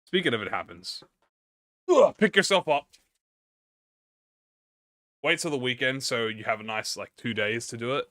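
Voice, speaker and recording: A man's voice: medium pitch, expressive, quick pace, pushed and bright, dry recording, clean studio sound. A man livestreaming, chatting casually with viewers and reading a story aloud, stuttering and restarting often. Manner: encouraging, talks to chat with slang.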